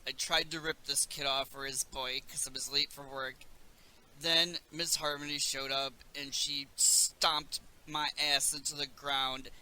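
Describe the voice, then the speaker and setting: A man's voice: on the high side, bright, forceful tone, clean tone, poor audio. A man voicing a frightened young man in a comedic fake commercial, stammering and pleading nervously. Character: frightened young man, a begging bike cheat.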